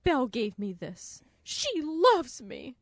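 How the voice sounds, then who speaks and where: A woman voicing an earnest, devoted male automaton with an overwrought, squeaky hero voice. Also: wildly swooping pitch, slow, no echo, full character voice. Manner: squeaky, high, overwrought heroics.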